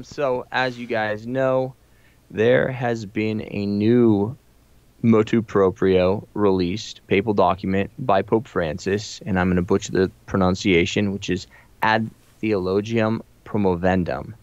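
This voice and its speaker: A man's voice: fairly low pitch, fairly even intonation, slow pace, dry recording. A man hosting a podcast, talking through church news in a loose, rambling way with plenty of ums. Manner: rambling, many ums and restarts. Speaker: podcast host. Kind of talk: casual commentary chat. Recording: dry, slightly muffled audio.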